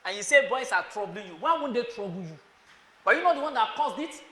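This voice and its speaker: A man's voice: extremely high pitch, animated, fairly quick, pushed and bright. A man with a Nigerian accent preaching a sermon to students. He scolds them with rhetorical questions and calls on listeners by name. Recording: echoey hall.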